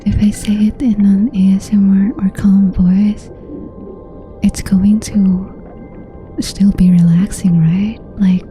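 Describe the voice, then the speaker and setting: A woman streamer whispering to her chat in a soft ASMR style, slow and unhurried. Her tone is dark and mellow, playfully teasing and full of giggles. Faint music drifts behind her. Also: medium pitch, level tone.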